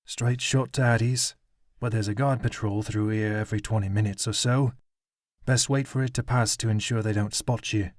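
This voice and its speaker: A man voicing a wary young male guardsman who talks in a careful, hushed way. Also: on the low side, steady tone, normal speed, dry recording, clean studio sound, natural voice.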